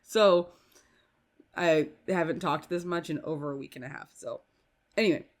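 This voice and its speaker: Sick with a sore throat and cough, a woman runs her casual solo podcast in a low-pitched voice at a moderate pace. Her talk is chatty, with frequent stumbles over words.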